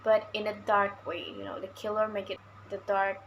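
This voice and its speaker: A woman's voice: medium pitch, flat delivery, normal speed, a bit bright, slight background noise, poor audio. A young woman from Indonesia with an Indonesian accent, a university student giving a casual book review in English, her second language, hesitant and full of fillers. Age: young adult. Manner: hesitant, with many "so yeah" and "like" fillers.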